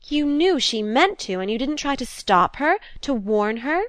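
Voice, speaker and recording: A woman's voice: high voice, very animated, a little slow, no echo, voice pushed up. A woman voicing a prim unmarried sister in a book reading, fussy and pleading in a raised voice. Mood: reproachful.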